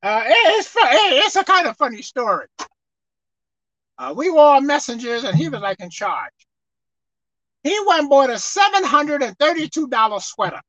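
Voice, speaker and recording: A woman's voice: high voice, big pitch swings, normal speed, long pauses, a bit bright, no echo. A woman preaching a sermon. She calls out to her listeners and acts out pleading prayers. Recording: muffled lo-fi recording.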